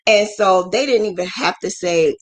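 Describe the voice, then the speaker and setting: A woman hosting a live business mentoring stream, frank and emotional, acting out quoted voices with big jumps in pitch. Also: moderate pace. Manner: frank, emotional, scolding yet affectionate. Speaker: business mentor and crochet channel host.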